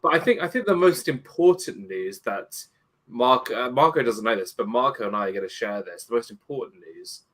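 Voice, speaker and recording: A man's voice: medium pitch, brisk. A man from the UK, a guest on a casual livestream, telling joking stories. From United Kingdom. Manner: joking, lively storytelling. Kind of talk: casual chat.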